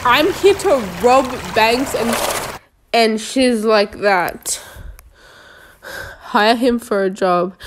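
Young woman, fairly high voice, slow easy pace, chatty and jokey while gaming. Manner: chatty, jokey, talks to viewers as she plays. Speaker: gaming video creator. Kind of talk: casual gameplay commentary.

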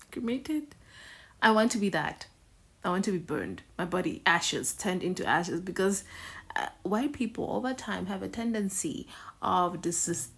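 A woman's voice: lowish voice, gravelly, slightly rough. A woman hosting a reaction video in a casual, conversational way, often repeating words and phrases for emphasis.

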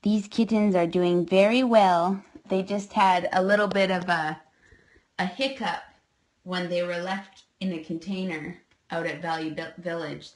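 A woman chatting casually on a home livestream while fostering kittens, cooing at them in soft baby talk. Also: on the low side, fairly even intonation, a little slow, rough recording.

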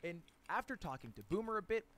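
A man's voice: sits high, very animated, quick pace, a bit bright. A man narrating a commentary video in a conversational way, with fillers and restarts.

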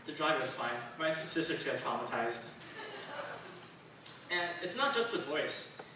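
A man's voice: a little high, big pitch swings, a little slow, noisy background. A young man from Taiwan doing a stand-up comedy set, rambling and self-deprecating with lots of fillers, on a club stage. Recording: very echoey room, distant mic.

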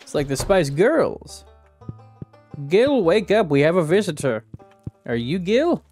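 Excitable swearing man gaming. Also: high-pitched, a little slow, dry recording, soft background music. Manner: excitable, swears, talks to the game. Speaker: gaming YouTuber. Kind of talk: casual let's-play commentary.

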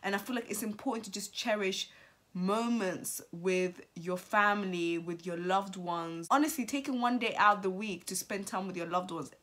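A woman in her twenties, a vlogger and entrepreneur, speaks into her camera mic at a normal pace with a medium-pitched, fairly bright voice. Her birthday vlog is heartfelt and reflective, she repeats phrases for emphasis, and she's emotional enough to come close to tears at times.

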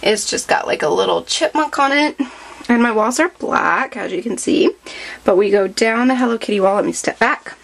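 A woman's voice: a little high, normal speed, creaky. A young woman vlogger giving a casual tour of her bedroom, filming with a handheld camera as she moves around and chats in a rambling way with lots of fillers. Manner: chatty, rambling, many fillers. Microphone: handheld camera, moving around.

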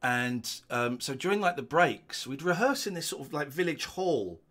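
A man's voice: on the high side, expressive, moderate pace, a bit bright. Chuckling, rambling man doing commentary. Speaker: host watching an old episode. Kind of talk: casual watch-along commentary.

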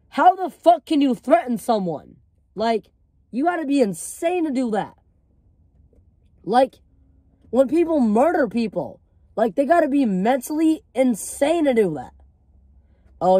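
A man's voice: sits high, mellow, no room sound. A teenage boy telling a story in a casual vlog, rambling with lots of fillers and free swearing.

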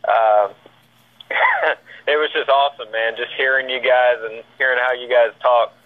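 A man's voice: mid-range voice, huge pitch swings, a little slow. A man from Georgia with a Southern accent, chatting casually as a podcast guest and saying "man" often. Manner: easygoing, repeats words and fillers like "man". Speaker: guest, paranormal investigator. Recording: tinny phone line.

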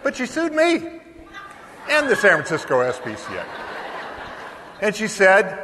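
An older man giving a keynote speech at a conference, telling a story in a lively way and often pausing on fillers. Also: high-pitched, noisy background. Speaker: keynote speaker. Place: large conference hall. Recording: long hall reverb.

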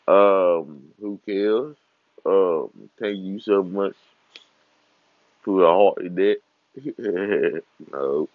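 A man's voice: low voice, drawn-out words, pauses often, no echo. A man in his twenties on a casual, profane rant, trash-talking and swearing freely. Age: 20s. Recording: dull lo-fi recording.

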